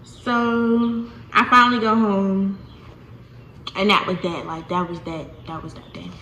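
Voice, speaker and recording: A young woman telling a casual storytime to her viewers, animated and chatty, often calling them y'all. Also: medium pitch, a little slow. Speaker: vlogger. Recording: echoey room with faint noise.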